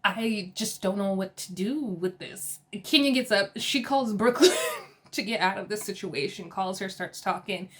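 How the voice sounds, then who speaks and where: A woman recapping a reality TV episode in a casual, sassy and animated way, with slang and laughter. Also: medium pitch, a little slow. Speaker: TV episode reviewer.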